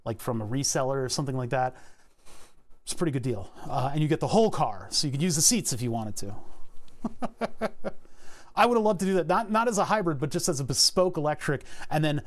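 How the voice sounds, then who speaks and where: A man's voice: fairly high pitch, animated, fast talker, long pauses. A man with a Philadelphia accent chatting casually and jokingly on a livestream while he designs circuit boards, rambling and swearing freely. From Philadelphia, USA. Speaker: streamer.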